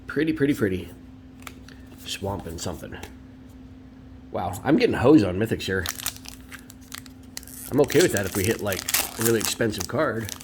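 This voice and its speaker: A man's voice: on the low side, lively intonation, moderate pace, long pauses, darkish tone, a little hiss or hum. A man hosting a casual card-opening video at home, chatty and opinionated, with rambling asides. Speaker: card collector and video host.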